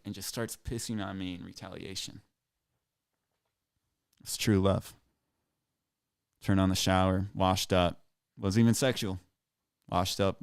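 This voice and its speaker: Man in his thirties, lower pitch, smooth clear tone, dry close sound; loose, candid, self-amused storyteller. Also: no echo. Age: 30s. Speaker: live streamer. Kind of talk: casual comic storytelling.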